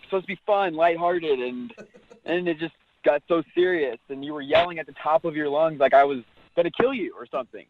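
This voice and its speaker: A man's voice: a little high, expressive, fairly quick, a little hiss or hum. A man on the phone to a radio show, defensive and joking, trying to explain himself. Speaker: caller. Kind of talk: call-in radio argument. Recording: muffled phone line.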